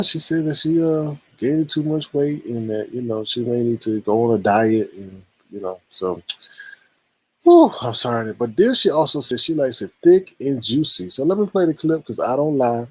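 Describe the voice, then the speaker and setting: A man's voice: mid-range voice, big pitch swings, moderate pace, breathy edge, no echo, rough recording. A man hosting a live-stream gossip commentary show, teasing and exclaiming as he greets the chat and runs through the night's topics. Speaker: host.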